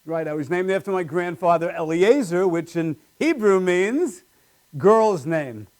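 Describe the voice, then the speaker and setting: A man's voice: sits high, lively intonation, unhurried, a little mellow. A man doing a live stand-up routine with wry, self-deprecating punchlines on a small comedy stage.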